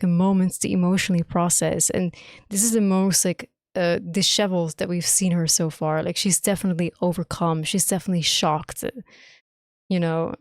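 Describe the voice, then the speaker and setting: A woman's voice: lowish voice, no echo, clean studio sound. A young woman streamer giving live reaction commentary on a game, gushing and emphatic, swearing often.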